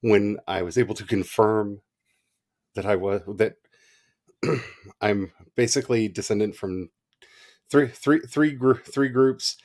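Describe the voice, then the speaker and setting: A man co-hosting a livestream in casual chat, animated and chatty, laughing often. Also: on the low side, slow, pauses often. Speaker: livestream co-host.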